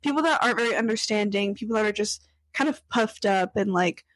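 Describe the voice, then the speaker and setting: A woman's voice: mid-range voice, brisk, no room sound, low-quality recording. A young woman hosting a casual chat, talking with lots of fillers and acting out quoted voices. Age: young adult. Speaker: podcast host.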